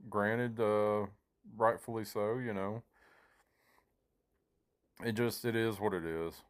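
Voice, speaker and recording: Male gaming host, lowish voice; casual self-interrupting commentary over gameplay. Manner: rambling, self-interrupting, reenacts his own panicked thoughts. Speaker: gaming YouTuber.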